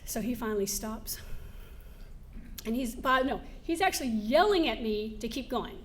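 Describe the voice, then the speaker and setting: Woman with a high voice doing a keynote, lively storytelling, little bit of room noise behind. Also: moderate pace. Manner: lively, laughing, acts out scenes. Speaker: motivational speaker. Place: event hall before a live audience.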